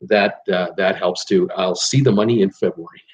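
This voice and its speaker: A man's voice: low voice, steady tone, moderate pace, slightly rough. A man hosting a live online show, rambling casually with many fillers and reading viewers' comments aloud. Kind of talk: casual live-stream chat. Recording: dull lo-fi stream audio.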